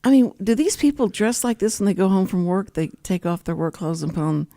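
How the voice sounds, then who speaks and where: Lively older woman radio host. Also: medium pitch, brisk, no room sound. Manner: chatty, laughs often, animated storytelling. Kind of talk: casual chat. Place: radio studio.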